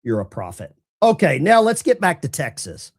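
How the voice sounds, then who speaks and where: A man's voice: on the high side, huge pitch swings, normal speed, slightly rough. A man hosting a live stream of political commentary, talking to his chat viewers in a sarcastic, rambling way with many restarts. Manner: addresses chat viewers directly. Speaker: political commentary livestream host.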